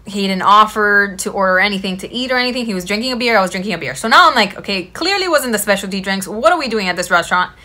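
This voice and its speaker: A woman in her thirties, a vlogger telling a story casually to camera and acting out the quotes. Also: on the high side. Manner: animated, quotes people in her own voice.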